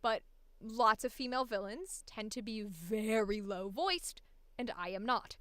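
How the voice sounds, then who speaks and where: A chatty woman voice actor talks shop in a bright, ringing voice that sits a little high. Her tone is crisp and smooth, and she is animated and quick to laugh. The sound is close and dry. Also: no echo. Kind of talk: casual chat about voice acting.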